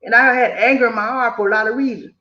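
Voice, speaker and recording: Extremely high in pitch and fast, an older man from the US South gives a casual motivational talk full of preachy life advice. He's lively, repetitive, and throws in quoted voices, recorded in an echoey room with dull lo-fi audio.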